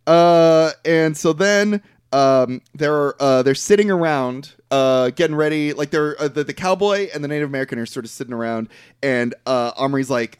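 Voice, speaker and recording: Male podcast host, somewhat high voice, casual rambling recap, dry close mic. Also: moderate pace, clean tone, dry recording. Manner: rambling storyteller, swears casually, many fillers.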